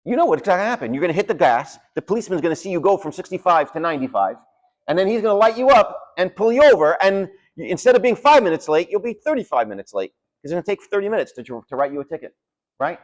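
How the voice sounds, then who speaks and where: A man delivering a sermon as a rabbi, telling stories with dramatic drops to a near hush. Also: sits high, fast talker. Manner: animated storytelling with dramatic drops in volume. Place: synagogue study hall.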